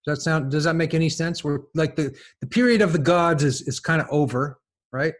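A man, a podcast guest, talking through ideas casually, stumbling and restarting his sentences as he thinks aloud. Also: fairly high pitch. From lives in France. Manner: halting, many restarts and repeated words, thinking aloud. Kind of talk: casual intellectual conversation.

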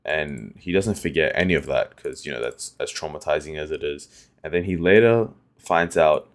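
Young male podcast host, very low voice, loose rambling delivery full of "like" and self-corrections. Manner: rambling, lots of "like" and restarts. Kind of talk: casual solo podcast chat.

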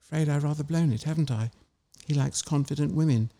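A man's voice: on the high side, a little fast, warm tone, natural voice. A man reading a shy young woman in love. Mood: confiding.

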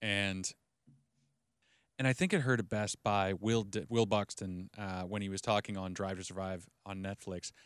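A man's voice: deep voice, fairly even intonation, moderate pace, clean tone, dry recording. Enthusiastic man co-hosting a podcast. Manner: enthusiastic, emphatic. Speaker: podcast co-host. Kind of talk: casual chat.

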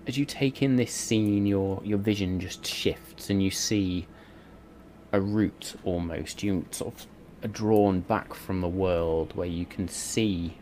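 A man narrating as game master in a tabletop game, with slow, dreamy descriptions and casual swearing. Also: low-pitched, a little mellow, a little hiss or hum.

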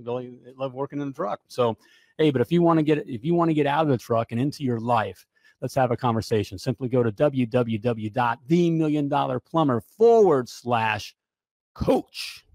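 A man coaching plumbers in a casual, joking sales pitch, often checking in with "all right?". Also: moderate pace, a little mellow, no room sound, studio quality. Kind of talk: casual promotional pitch to camera.

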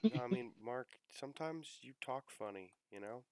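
A man's voice: mid-range voice, animated, moderate pace. A man chatting casually as a co-host, teasing his friends and sounding exasperated. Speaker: podcast co-host. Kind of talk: casual chat.

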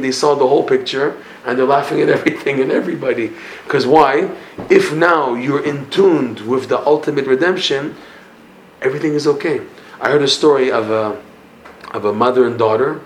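A man giving a Breslov Torah class, telling stories in an animated way and dropping in Hebrew and Yiddish terms. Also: mid-range voice, slight background noise. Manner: animated storytelling, mixing Hebrew and Yiddish terms, laughs at punchlines. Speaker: Breslov teacher. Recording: echoey room with faint ambience.

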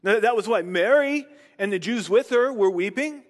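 A man preaching a sermon and reading scripture, with slow dramatic pauses and emphatic questions. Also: high voice, animated, big-room sound. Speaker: pastor.

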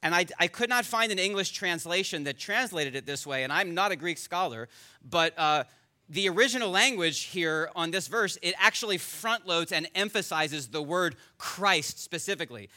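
A man's voice: high voice, expressive, moderate pace, sharp tone. A man preaching a sermon as pastor, earnest and rising to emphatic peaks, at times addressing the children directly.

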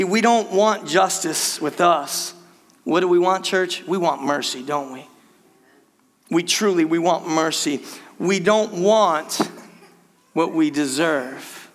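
An older man preaching a sermon to his church in a playful, conversational way with quick asides. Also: high-pitched, fairly bright tone, big-room sound. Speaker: pastor. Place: church sanctuary.

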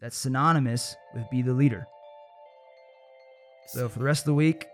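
A man's voice: mid-range voice, normal speed, faint music behind. A young man hosting a motivational podcast, telling stories in a casual way, laughing often and acting out what his family said. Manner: acts out quoted voices of family. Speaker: podcast host.

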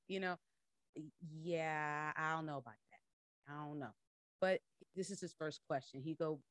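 Low-voiced woman coach teaching casually. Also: measured pace, fairly bright tone, smooth, no room sound. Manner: conversational, laughs often, acts out voices in retelling. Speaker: podcast host and coach. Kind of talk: casual Bible teaching talk.

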